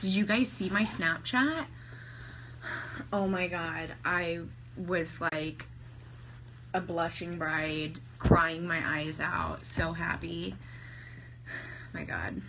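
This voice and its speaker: A woman in her thirties gushing excitedly to livestream viewers, talking to them by name, her throat sore from singing. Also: fairly low pitch, slow pace. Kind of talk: casual livestream chat. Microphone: phone held at arm's length. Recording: phone livestream with faint ambient noise.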